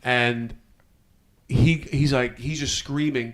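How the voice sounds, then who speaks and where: Profane, animated man telling a story. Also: mid-range voice, moderate pace. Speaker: podcast co-host. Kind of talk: casual storytelling chat.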